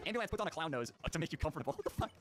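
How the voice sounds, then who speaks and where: A man's voice: a little high, big pitch swings, very fast. A man hosting a gaming channel, giving jokey, profane let's-play commentary and laughing often. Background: game music.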